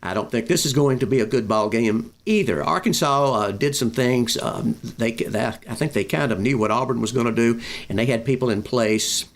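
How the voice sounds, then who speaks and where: A man's voice: medium pitch, normal speed, few pauses. A man hosting a casual sports talk show, folksy and dryly sarcastic, often restarting his phrases. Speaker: sports podcast host. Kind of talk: casual football predictions talk.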